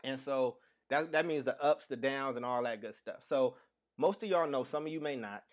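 Male podcast host, 30s, slight lisp, easy mid-pitched casual delivery. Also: normal speed. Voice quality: slight lisp from dental aligners. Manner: loose, talkative, restarts with slang. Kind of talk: casual live-stream chat.

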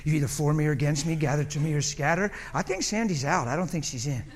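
A man's voice: a little high, quick pace, crowd noise. A male pastor preaching a sermon in a folksy, humorous, colloquial way.

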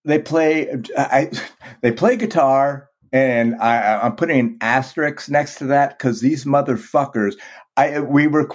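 A man from Vermont, a band's singer, talking as a guest in a casual podcast interview, swearing freely and often repeating words as he restarts his sentences. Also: medium pitch. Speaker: guest, band vocalist.

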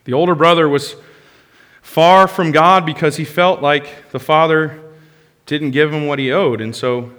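Passionate preacher in a reverberant hall. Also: male voice, fairly high pitch, fairly even intonation, measured pace. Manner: passionate, swings from loud bursts to soft hushed lines. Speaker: pastor. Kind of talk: sermon.

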